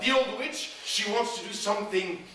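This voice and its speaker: A man telling a folk tale live on a theater stage, slow and rhythmic with repeated phrases. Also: high-pitched, loud music behind the voice. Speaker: storyteller. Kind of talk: live solo storytelling performance. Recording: echoey theater from far off, drums. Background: drums and percussion.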